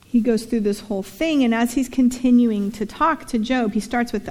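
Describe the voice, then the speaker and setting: A woman's voice: on the high side, moderate pace, darkish tone, in a large hall. A woman pastor preaching a sermon in a synagogue, telling a story with playful asides and reading scripture aloud.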